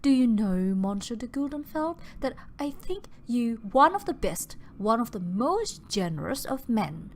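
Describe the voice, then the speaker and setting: A proud, troubled young lady speaks with earnest emotion in a slow, lively voice, as an audiobook narrator reads her. Her pitch sits fairly high and swings widely. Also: slight background noise. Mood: anguished. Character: proud, troubled young woman refusing a proposal.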